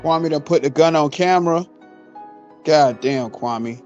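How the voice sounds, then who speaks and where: Dude reacting to a video, kinda high voice, joking around, dull lo-fi sound, music behind. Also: male voice, measured pace. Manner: loud, joking and storytelling. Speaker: reaction commentator. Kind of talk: casual reaction commentary. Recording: dull lo-fi audio.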